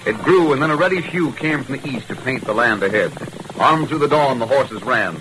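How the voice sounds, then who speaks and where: A man's voice: mid-range voice, expressive, fairly quick, rough recording. A man narrating a vintage radio drama in a vivid, dramatic storytelling manner. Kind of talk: scripted narration. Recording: old radio broadcast with music.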